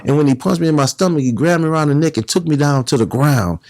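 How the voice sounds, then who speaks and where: A man, a guest, telling stories in a casual, animated way and acting out the other people's voices. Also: a little high, quick pace. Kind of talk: casual storytelling.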